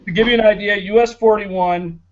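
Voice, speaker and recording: A man's voice: sits high, steady tone, a little fast. Rambling young man, lo-fi podcast audio. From Florida, United States. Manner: rambling, sarcastic, many fillers. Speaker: podcast co-host. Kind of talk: casual chat. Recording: dull lo-fi home recording.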